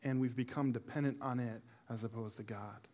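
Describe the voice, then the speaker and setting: A middle-aged pastor with a mid-range voice and fairly even intonation talks a little fast during a church service. Before the congregation, he tells a personal story with humor and animation, then becomes softer and more earnest.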